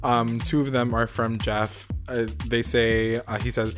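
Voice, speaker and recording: A man's voice: fairly low pitch, flat delivery, unhurried, few pauses, soft background music. Chatty man co-hosting a recap podcast. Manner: loose and chatty, many fillers and curse words. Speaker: podcast co-host. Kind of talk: casual TV recap chat.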